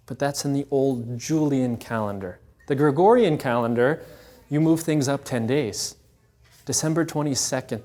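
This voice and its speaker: A man giving a storytelling talk at a Catholic event, conversational and animated, often checking in with the audience. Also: medium pitch.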